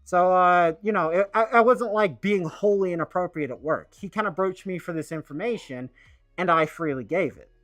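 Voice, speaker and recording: A man's voice: sits high, fairly bright tone, no room sound, soft background music. Rambling man talking on stream. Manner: rambling, halting, heavy with fillers and restarts. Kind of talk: casual livestream monologue.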